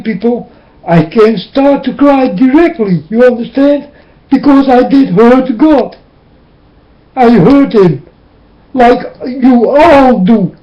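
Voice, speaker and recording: A man giving an emotional religious monologue from his room, pleading and preaching as his voice keeps breaking into tears. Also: very high voice. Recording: dull lo-fi recording.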